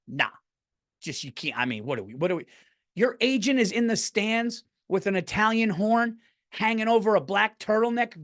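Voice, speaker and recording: A man rants through a casual solo podcast, cursing freely and slipping into mocking impressions of people. His voice sits a bit high for a man. The sound is close and dry, with no room around it. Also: dry recording. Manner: animated, profane ranting with mocking impressions. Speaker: podcast host.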